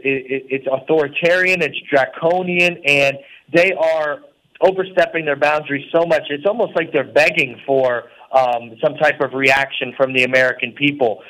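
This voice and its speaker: A man's voice: mid-range voice, moderate pace, a bit bright, rough recording. Earnest man calling in from a prison cell. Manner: earnest and preachy, with many fillers. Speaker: guest calling in. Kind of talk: interview on talk radio.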